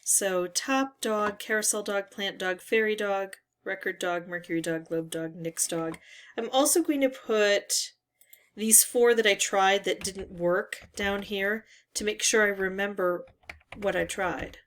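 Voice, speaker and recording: A woman hosting a word-game channel, musing aloud through a puzzle with hesitant pauses and frequent "um"s. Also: mid-range voice. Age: adult parent. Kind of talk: thinking-aloud puzzle talkthrough.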